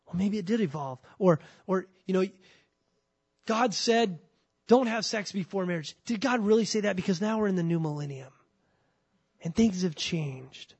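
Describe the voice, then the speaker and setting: A man preaching a sermon as pastor, emphatic and repeating words as he starts a thought, slowing down to read scripture. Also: sits high, lively intonation, a little mellow, breathy edge.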